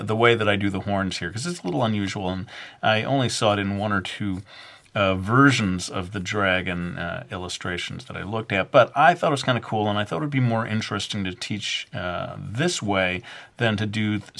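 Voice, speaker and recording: A man's voice: sits low, gravelly, a bit bright. A man narrating a drawing tutorial in a loose, rambling way, full of fillers and little self-deprecating jokes. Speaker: drawing instructor.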